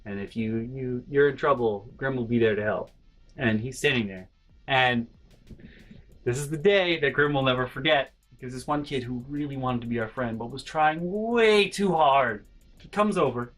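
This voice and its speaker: Animated man telling a personal story. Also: mid-range voice, moderate pace, rough recording. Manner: animated, swings between hushed and loud, swears freely. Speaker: vlogger. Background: faint background music.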